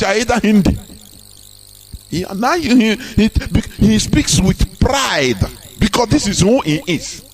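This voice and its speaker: A man with a Nigerian Igbo accent addresses listeners in a live broadcast speech. His voice sits somewhat high, and he drives his points home with repetition and rhetorical questions. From southeastern Nigeria. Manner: emphatic, repeats words and rhetorical questions. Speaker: activist broadcaster.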